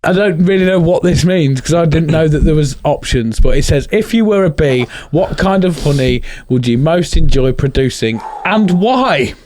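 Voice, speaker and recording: A man's voice: a little high, expressive, normal speed, hardly any pauses, a little mellow. A man hosting a casual comedy podcast, reading out questions with ums and frequent laughter. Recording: background hiss.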